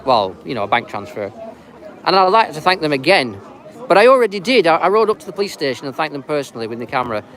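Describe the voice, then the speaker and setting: Man, high voice, street vlogger, teasing and chatty, handheld camera, outdoors, loud crowd behind. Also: sing-song, fast. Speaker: street vlogger filming live. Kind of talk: casual street chat to camera. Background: crowd noise.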